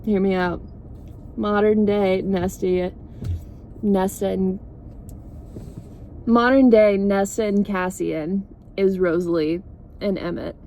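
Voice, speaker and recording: A woman's voice: medium pitch, steady tone, slow pace, long pauses, warm tone, a little hiss or hum. A woman vlogger rambling through a sarcastic, swear-filled casual movie recap.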